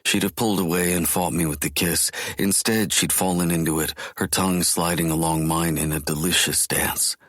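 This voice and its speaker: A man narrating a first-person romance audiobook in a low, intense voice. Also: fairly even intonation, moderate pace, few pauses, a bit bright, dry recording, studio quality. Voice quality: very deep, husky.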